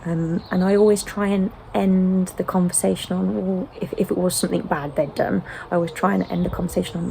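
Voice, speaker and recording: A British mother in a casual sit-down chat, explaining gently with frequent ums. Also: fairly low pitch, fairly even intonation, fairly quick, gravelly, few pauses, slight background noise, low-quality recording. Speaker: home-educating mother.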